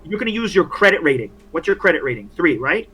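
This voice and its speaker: A man running a tabletop game as game master over an online call, talking in a halting way with many restarts. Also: on the high side, sing-song, bright, forceful tone, husky, rough recording. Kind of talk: narrating a tabletop horror game.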